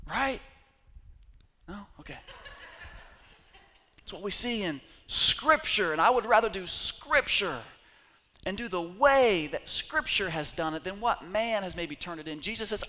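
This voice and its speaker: A middle-aged man, a pastor, preaching an energetic sermon, swinging between hushed asides and shouted exclamations. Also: a little high, normal speed, long reverb tail.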